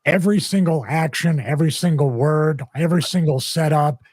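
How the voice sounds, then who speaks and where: A man's voice: fairly high pitch, fairly quick, a little mellow, no echo. A man co-hosting a discussion, making emphatic points and building up a list of them. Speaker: co-host. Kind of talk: commentary in discussion.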